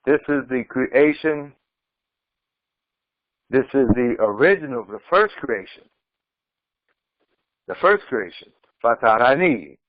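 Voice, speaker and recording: A male imam gives an unhurried, deliberate scripture commentary, reciting a line and then translating it piece by piece. His voice is close and dry, with a slightly muffled, dull recording quality. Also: mid-range voice, sing-song, dry recording. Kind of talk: Quran commentary lesson.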